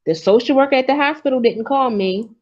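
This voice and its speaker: A woman's voice: high-pitched, fairly quick, muffled recording. A grandmother from Maryland calling in to a talk show, telling her story in a frustrated, insistent way. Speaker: caller. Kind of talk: call-in talk.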